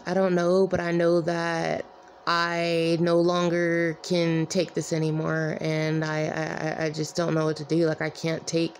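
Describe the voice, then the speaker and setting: A weary, distressed woman talking to her viewers in a rambling, halting way, with many repeated "like"s. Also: low-pitched, completely flat delivery, slight background noise. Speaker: vlogger. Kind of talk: emotional personal vlog.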